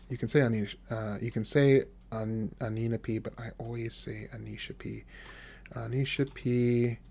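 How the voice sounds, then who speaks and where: Patient man with a gravelly voice. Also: mid-range voice, darkish tone. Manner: patient, repeats phrases slowly for learners. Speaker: language teacher. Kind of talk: podcast language lesson. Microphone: desk microphone.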